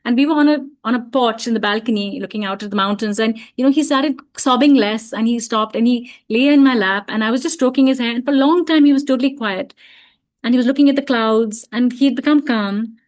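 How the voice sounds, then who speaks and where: A middle-aged woman giving an online parenting talk, telling stories in a calm, reflective way with many fillers. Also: fairly high pitch, brisk. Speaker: parenting speaker.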